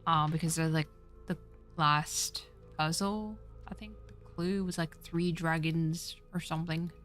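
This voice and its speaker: A woman's voice: low-pitched, fairly even intonation, measured pace, a bit bright, faint music behind. A woman streaming a game, talking to her chat and getting exasperated at the game. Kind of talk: let's play commentary.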